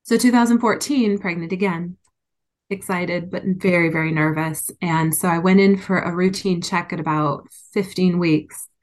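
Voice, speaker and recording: A woman's voice: on the low side, normal speed, darkish tone. A woman being interviewed, telling a personal story candidly and with emotion. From United States. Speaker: interview guest.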